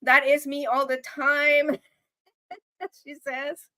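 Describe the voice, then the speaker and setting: High bright-voiced woman chatting live. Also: flat delivery, drawn-out words, dry recording. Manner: emotional, laughing, chatty with viewers. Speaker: channel host. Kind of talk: casual livestream chat.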